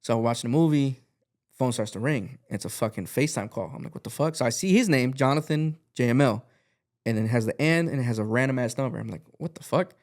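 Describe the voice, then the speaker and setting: A man's voice: medium pitch, fast, a little mellow. A man, a podcast guest and music artist, telling a rambling story in a casual chat, full of fillers and swearing, acting out the lines he quotes.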